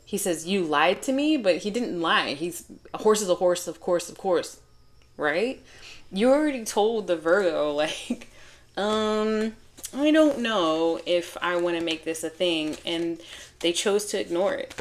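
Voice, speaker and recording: Woman tarot reader, low-ish voice, chatty and giggly, rambling and casual. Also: expressive, a little slow. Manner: chatty, laughing, self-interrupting. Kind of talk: casual tarot reading to camera.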